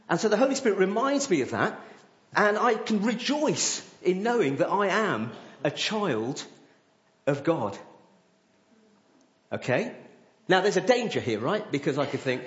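A man preaching live to a gathering, using an object lesson and frequent tag questions. His voice is a bit high and swings widely in pitch. The sound is roomy and a little muffled. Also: wildly swooping pitch, normal speed.

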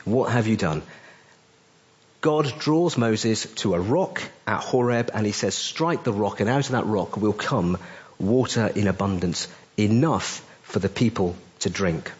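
A male pastor preaching a sermon with emphatic delivery, his voice rising on questions and dropping low on key phrases. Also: unhurried, highs cut off. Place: church.

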